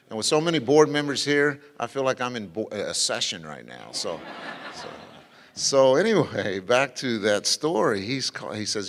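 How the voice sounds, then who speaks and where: A man's voice: mid-range voice, very animated, normal speed, long reverb tail. A middle-aged man, a former school superintendent, giving an informal dedication speech full of anecdotes, fillers and restarts. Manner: folksy, rambling, frequent fillers and restarts. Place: ceremony venue with an audience.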